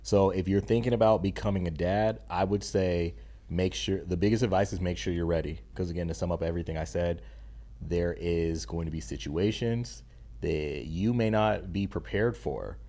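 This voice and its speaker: Here the young man's voice is low and mellow, moving at a moderate pace. He's a podcast guest, stay-at-home dad and content creator, talking casually in an earnest, emphatic, slangy manner.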